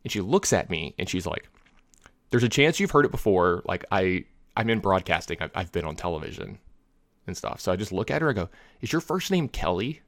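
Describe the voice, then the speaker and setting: A man telling a long story in casual podcast chat, rambling, full of filler words and lively retellings. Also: low voice, a little fast, dry recording.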